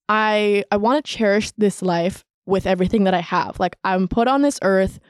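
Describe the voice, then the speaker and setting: A woman's voice: mid-range voice, normal speed, clear, resonant tone, no room sound. Young woman podcasting solo, chatty and confessional, says like a lot, dry close sound. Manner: chatty, confessional, lots of "like" fillers. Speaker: podcast host.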